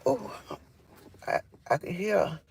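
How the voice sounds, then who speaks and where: A woman's voice: slow pace, a little mellow, slight background noise. A woman telling her own story in a casual live stream on her phone, emphatic, with frequent fillers. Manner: emphatic, with frequent fillers like "or whatever" and "you feel me".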